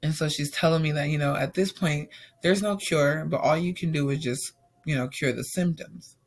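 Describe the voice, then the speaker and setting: A young woman recounts a personal story in a loose, casual monologue. Her voice is husky and breathy, with a gravelly fry running through it. She brings the conversations to life, acting out each line of the dialogue and leaning on "like" as she talks. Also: low voice, moderate pace. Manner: animated retelling, acts out quoted dialogue, frequent "like".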